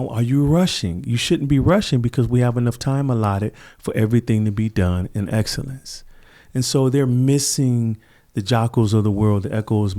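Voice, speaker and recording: A middle-aged man with a warm, mellow, ordinary-pitched voice talks earnestly and reflectively as a podcast guest. The relaxed interview conversation sees him occasionally slip into the voices of people he quotes.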